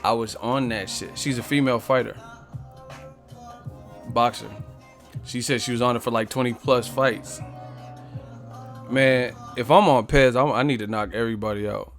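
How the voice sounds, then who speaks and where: A man's voice: mid-range voice, fairly even intonation, normal speed, long pauses, a bit bright, soft background music. A man hosting a boxing live stream in a casual, profane, joking way, reading viewer comments aloud and trash-talking back at them.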